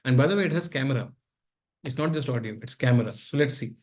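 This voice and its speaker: A man's voice: mid-range voice, quick pace, darkish tone. A man presenting a workshop and explaining a live demo to his audience with frequent asides.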